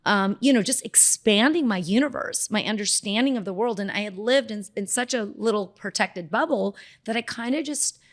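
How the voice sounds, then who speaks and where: Woman in her 40s-50s chatting on a podcast, animated, does little voices for people in her story. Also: medium pitch, normal speed, hardly any pauses. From Southern California. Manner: animated, acts out quoted voices. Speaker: dermatologist guest. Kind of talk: casual interview storytelling.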